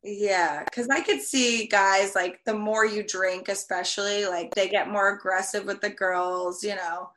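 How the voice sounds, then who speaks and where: A woman's voice: mid-range voice, fairly even intonation, a little slow, few pauses, a bit bright. A young woman hosting a casual conversation, chatty and blunt, with many "like"s. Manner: chatty and blunt, with frequent "like" and laughs. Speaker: podcast host.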